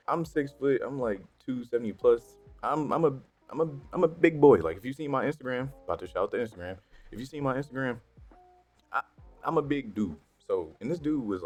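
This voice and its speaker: A young man telling a story from his school days in a casual, slangy and profane way that turns animated when he gets worked up. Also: fairly low pitch. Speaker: storytime vlogger. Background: faint background music.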